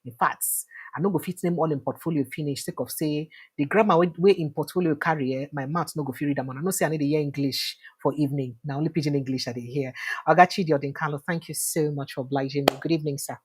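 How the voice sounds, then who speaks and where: In a low, slightly rough voice, a Nigerian-accented woman hosts a livestream interview at a fast clip. Her talk is informal and chatty, sprinkled with filler sounds and shifting between Pidgin and English.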